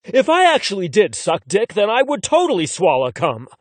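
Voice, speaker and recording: A man's voice: high voice, huge pitch swings, moderate pace, no echo, pitched above the performer's own voice, exaggerated voice. A man voicing a brash young man who rants and talks bluntly, without shame, in an audiobook reading. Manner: blunt, ranting, matter-of-fact about crude things.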